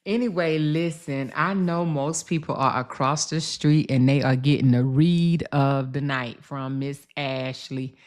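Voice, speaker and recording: A young woman hosting a livestream, chatting casually with viewers and reading their comments aloud, jumping up in pitch when she gets excited. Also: unhurried, few pauses. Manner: chatty, addresses viewers directly, reads out chat; animated, jumps up sharply in pitch when excited. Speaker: livestream host.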